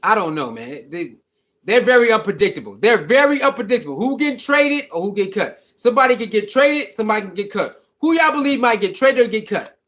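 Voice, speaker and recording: High voiced guy livestreaming, loose and repetitive, reading chat out loud. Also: brisk. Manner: animated, repetitive, reads chat comments aloud. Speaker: livestream host.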